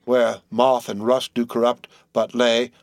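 A man's voice: medium pitch, no echo, close to an everyday voice. A man doing a sepulchral, stingy old ship owner. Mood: solemn. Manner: slow, steady, sepulchral. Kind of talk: audiobook character voice.

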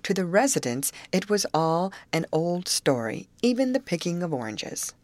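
A woman narrating an old novel as an audiobook, in an expressive storytelling cadence on a close mic. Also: on the low side, moderate pace, no echo.

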